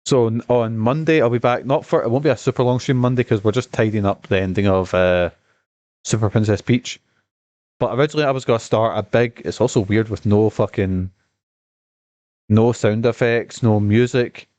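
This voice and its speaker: A man commenting on a game during his stream, rambling, profane and excitable, with a cough. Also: lowish voice, moderate pace, no echo. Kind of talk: casual gaming stream commentary.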